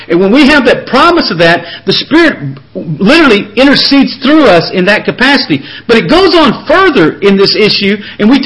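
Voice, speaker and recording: A man with a high voice preaching a fervent sermon. He reads scripture aloud and urges his listeners on, often repeating words as he presses each point. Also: a bit bright, low-quality recording. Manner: impassioned preaching, repeats words when building up. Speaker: pastor.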